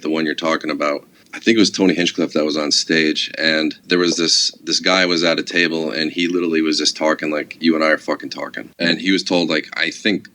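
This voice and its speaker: A man with an extremely deep, low voice talks in a relaxed, rambling way. He swears freely and leans on fillers as he tells stories in casual chat. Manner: casual, profane, laid-back storytelling with many fillers. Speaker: podcast guest, actor.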